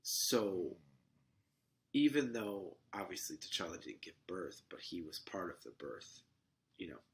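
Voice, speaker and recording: Gravelly, low-voiced man retelling a movie. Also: measured pace. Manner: animated retelling of scenes, asks questions. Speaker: podcast co-host. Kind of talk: casual movie review chat.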